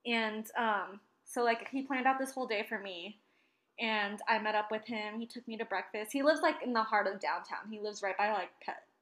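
A woman's voice: medium pitch, normal speed. A young woman in her twenties telling a story in casual chat, swearing freely and acting out what people said. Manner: animated, swearing, acts out quotes.

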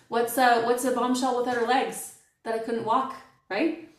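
A middle-aged woman from Canada, a podcast guest, telling stories in a playful, animated way. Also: on the high side, fairly quick, a little hiss or hum. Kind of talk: casual podcast conversation. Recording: echoey and distant from the mic.

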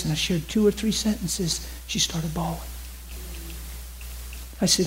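Male preacher, fairly high voice, lively storyteller who acts out dialogue and sinks to an urgent hush, faint hum behind. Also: moderate pace, pauses often, low-quality recording. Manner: animated, acts out dialogue, drops to an intense hush. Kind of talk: sermon storytelling.

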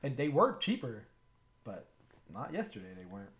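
A man talking in a casual, laid-back chat, trailing off quietly. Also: mid-range voice, wildly swooping pitch, moderate pace.

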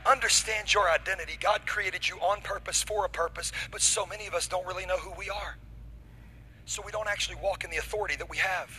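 A man preaching from the pulpit, his voice high and strikingly bright. He delivers the sermon with dramatic energy, acting out little scenes, and a faint hum of noise sits under the recording. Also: fast talker, rough recording. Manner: energetic, dramatic, acts out stories. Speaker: pastor. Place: church.

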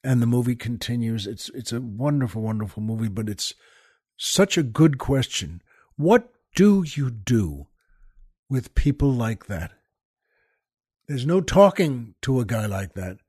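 A man hosting a podcast, casually retelling a film scene at a leisurely pace and dropping into hushed pauses. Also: medium pitch, animated, breathy edge, dry recording, studio quality. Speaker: podcast host. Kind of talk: casual storytelling monologue.

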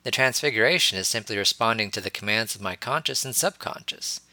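A man's voice: on the low side, lively intonation, a little fast, sharp tone, no room sound, exaggerated voice. A man voicing a playful, teasing young male wizard teacher, amused as he explains. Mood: teaching.

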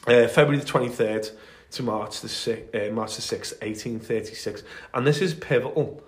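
A man's voice: medium pitch, moderate pace, roomy sound, slight background noise. Chatty man telling history. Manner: enthusiastic storytelling with many fillers. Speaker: podcast co-host. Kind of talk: casual history chat.

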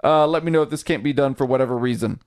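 A man's voice: mid-range voice, rapid-fire, darkish tone, clean tone. A man co-hosting a podcast, reading listener mail and teasing his co-host in casual chat.

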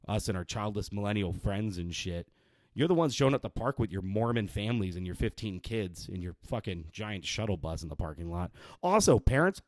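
A young man with a fairly low voice rants in a sweary, rambling way, sounding exasperated as he goes. The recording is dry and close, with no room sound around him. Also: no room sound. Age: young adult. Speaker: vlogger ranting. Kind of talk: profane casual rant.

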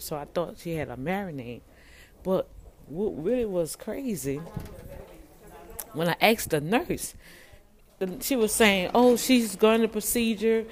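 A man who prays for the sick, telling viewers a story in a casual, animated way and often calling them y'all. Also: a little high, a little hiss or hum. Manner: animated, addresses listeners as y'all. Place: hospital waiting area.

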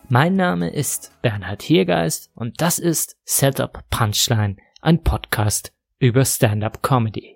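A man hosting a podcast and reading a scripted introduction in a measured, self-deprecating way. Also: mid-range voice, animated, creaky, breathy edge, faint music behind. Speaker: podcast host.

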